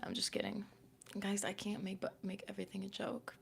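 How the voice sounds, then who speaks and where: A woman's voice: mid-range voice, monotone, a little fast, vocal fry, slight background noise. A young woman chatting casually on a livestream, reading verses aloud, self-conscious and full of "like".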